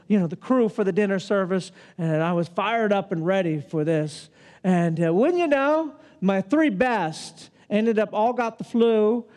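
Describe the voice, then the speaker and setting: A man in his fifties telling a personal story in a sermon, in an animated, self-mocking way. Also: high-pitched. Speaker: preacher.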